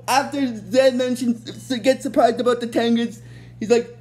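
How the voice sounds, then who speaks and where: A woman with a fairly high voice recapping a TV episode off the cuff. She rambles, backtracks and fills pauses as she goes. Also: little pitch movement, a little mellow. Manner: rambling, many fillers and restarts. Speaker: show recap host.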